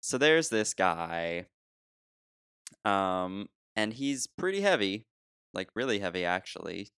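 A man spins a long anecdote in relaxed chat, laughing as he goes and circling back with restarts. His voice sits low and smooth. The sound is close and dry, with no room around it. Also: slow pace, no room sound. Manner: animated, laughs often, trailing restarts. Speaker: podcast co-host telling a story. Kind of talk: casual storytelling chat.

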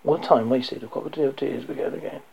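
A man reading a dark first-person story aloud, low and intense, sometimes dropping to a whisper. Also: fast, vocal fry. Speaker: audiobook narrator. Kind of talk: first-person audiobook narration. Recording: dull lo-fi recording.

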